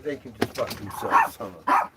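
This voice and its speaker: A man's voice: mid-range voice, unhurried. A man chatting playfully with his dogs, laughing, swearing and slipping into baby talk. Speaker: dog owner filming his pets. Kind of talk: casual chat to his dogs. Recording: loud background noise.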